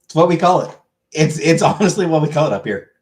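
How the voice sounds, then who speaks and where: A man's voice: a little high, expressive, fast talker, darkish tone. A man from Canada, a livestreamer chatting casually with his viewers, rambling with lots of fillers. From Canada, born in Ontario. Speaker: livestreamer reading chat. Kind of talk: casual chat.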